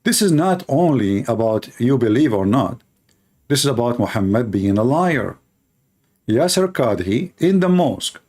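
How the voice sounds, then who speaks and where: A man's voice: medium pitch, big pitch swings, normal speed, a little mellow. A man hosting a channel, giving mocking, emphatic commentary over clips. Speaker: channel host.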